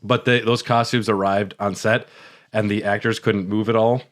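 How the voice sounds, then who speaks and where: Chatty low-voiced man on a podcast. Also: flat delivery, normal speed, a bit bright. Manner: chatty, retells trivia with dry jokes. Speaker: podcast co-host. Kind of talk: casual movie podcast chat.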